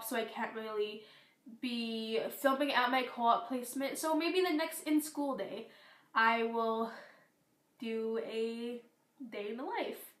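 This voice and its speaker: A teenage girl chatting through a beauty product review, rambling with fillers, her voice going hoarse. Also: fairly high pitch, fairly bright tone, roomy sound. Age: teens. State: losing her voice. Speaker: beauty vlogger. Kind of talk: casual product review vlog.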